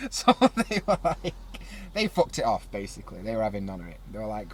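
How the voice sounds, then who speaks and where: A man's voice: lowish voice, a little fast, slight background noise. A man hosting a podcast, ranting in a casual, sweary, comedic way. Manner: animated, swearing, dialect phrasing. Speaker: podcast host.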